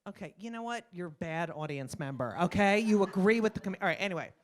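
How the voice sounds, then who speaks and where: A woman's voice: fairly low pitch, fast talker, a little hiss or hum. A middle-aged woman doing a stand-up comedy set in a club, brash and profane, acting out little scenes with voices. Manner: brash, animated, acts out voices, swears freely.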